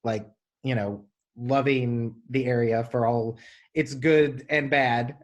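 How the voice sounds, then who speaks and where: A man's voice: medium pitch, fairly even intonation, takes it slowly. A man with an Appalachian accent, a podcast host speaking enthusiastically in rambling, casual chat.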